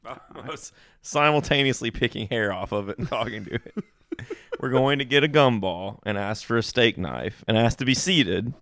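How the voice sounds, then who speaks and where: A young man co-hosting a casual comedy podcast, teasing his partner with quick deadpan jokes. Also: mid-range voice, no echo, studio quality. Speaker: podcast co-host.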